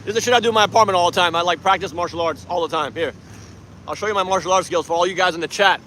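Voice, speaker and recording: High, bright-voiced young man livestreaming outdoors. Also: very fast, slight background noise. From Iran. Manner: boastful and combative, addresses chat directly. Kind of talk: casual livestream chat. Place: outdoors at a street protest.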